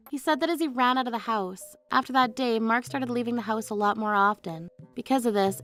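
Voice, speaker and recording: Woman narrating a scripted story. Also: a little high. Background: faint background music.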